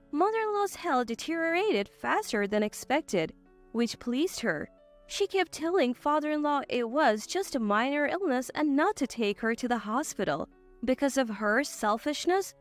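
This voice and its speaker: A woman narrating a family drama story in the first person, in a steady storytelling manner. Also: high voice.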